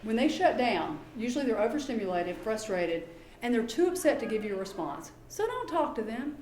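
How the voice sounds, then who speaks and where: A woman giving a talk to parents as a behavior specialist. She is chatty and lively and often acts out quoted dialogue. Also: a little high, fairly quick, echoey room, a little hiss or hum. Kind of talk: presentation to an audience.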